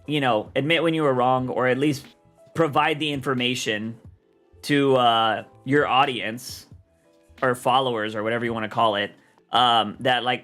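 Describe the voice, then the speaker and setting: A young man rambling in loose, slangy, animated talk as he chats on his livestream about comics. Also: mid-range voice, moderate pace, soft background music. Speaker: streamer and comic podcast host. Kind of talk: casual livestream chat.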